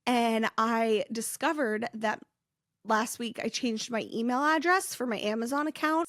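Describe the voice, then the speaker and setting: Pregnant young woman rambling to camera, kinda high voice, super dry close sound. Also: no echo. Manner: rambling, chatty, laughs often. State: heavily pregnant. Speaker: influencer and podcast host. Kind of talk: casual chat.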